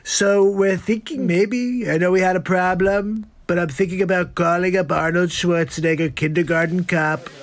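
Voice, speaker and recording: A man's voice: high voice, steady tone, normal speed, few pauses, voice pushed up. A man doing an impression of a brash, boastful male politician who announces plans and keeps repeating "that's right". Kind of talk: live comedy impression.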